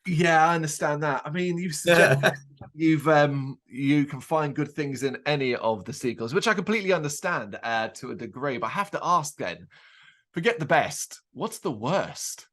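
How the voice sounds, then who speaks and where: A man hosting an interview, chatty and quick with his questions, sometimes tripping over restarts. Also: a little high, animated, fairly bright tone. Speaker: interviewer host.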